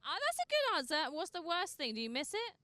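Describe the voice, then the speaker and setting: A woman's voice: very high-pitched, huge pitch swings, fast, sharp tone. A woman hosting a live show at an outdoor event, chatting in a bubbly way and laughing often. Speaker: host. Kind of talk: live broadcast chat.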